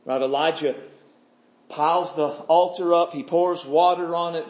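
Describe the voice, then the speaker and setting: A man's voice: a little high, fairly even intonation, unhurried, darkish tone. A man preaching an expository sermon, fervent and emphatic, stacking repeated phrases. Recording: dull lo-fi recording.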